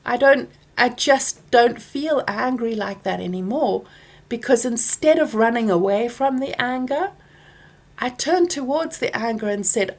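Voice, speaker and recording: A middle-aged woman hosting a workshop Q&A, speaking softly and gently and sometimes dropping to a whisper. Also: a little high, lively intonation, measured pace. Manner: soft and gentle, drifting into whispers; acts out anger with loud groaning sounds. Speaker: workshop host answering questions. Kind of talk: Q&A talk to an audience.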